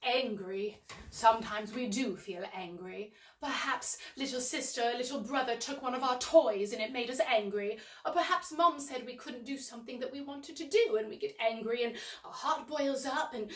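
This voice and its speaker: A woman playing a cheerful, prim English nanny with an English accent, hosting a children's storytime in character, full of gasps and exclamations and coaxing young viewers at home. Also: high-pitched. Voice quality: bright, gasping, exclamatory, full of "oh"s. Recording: roomy echo, voice from a distance.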